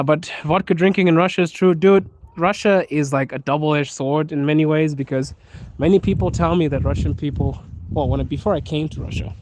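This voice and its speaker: A livestream host with a fairly high, slightly mellow voice chats casually from his phone on a snowy street outdoors, captured in a rough recording. He laughs a lot and calls his viewers dude and bro.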